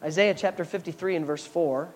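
A man's voice: on the high side, a little fast, a little mellow. A man preaching a sermon, reading scripture and explaining it with chatty, fervent asides. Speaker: pastor.

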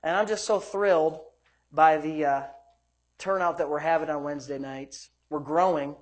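A man's voice: fairly high pitch, fairly even intonation, moderate pace. A man preaching a sermon as pastor, fervent and exclaiming praise between verses.

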